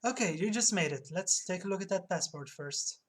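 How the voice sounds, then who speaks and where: A woman's voice: lowish voice, animated, normal speed, breathy edge. A woman voicing a sarcastic, grumbling male ship purser. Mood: grumpy.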